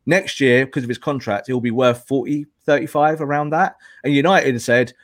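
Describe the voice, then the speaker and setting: A man's voice: mid-range voice, moderate pace. An emphatic man holds forth as a guest pundit on a football podcast. He argues his case in a lecturing way and often circles back to hammer a point home. His voice sounds dry and close, with no room echo.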